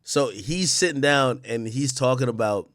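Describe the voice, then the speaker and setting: A man's voice: medium pitch, normal speed, a bit bright, dry recording, clean studio sound. A man in his thirties giving blunt, profane commentary as he reacts to news clips, laughing often.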